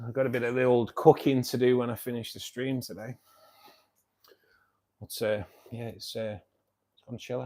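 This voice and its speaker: A Manchester man in his fifties hosts a fishkeeping club livestream, chatting casually and matily with viewers and repeatedly calling them "mate" in his Mancunian accent. He uses a mid-range, darkish voice with a level tone, speaking at normal speed and pausing often.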